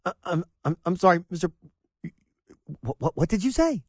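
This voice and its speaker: A man hosting a talk radio show, excitable and exasperated, stammering and restarting as he talks in a studio. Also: high voice, moderate pace, no room sound.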